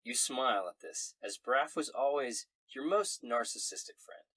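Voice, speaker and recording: A man runs a tabletop game as game master, narrating in a jokey, giggly way. His voice is husky. It sounds dry, with no room echo. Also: medium pitch, lively intonation, moderate pace, bright, forceful tone.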